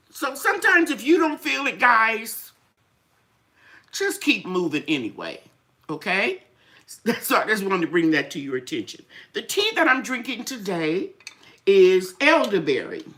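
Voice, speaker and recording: Lively, chatty older woman host. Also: medium pitch. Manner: chatty, storytelling, acts out quoted voices. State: a little tired, sinuses draining. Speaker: gardening channel host. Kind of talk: casual live-stream chat.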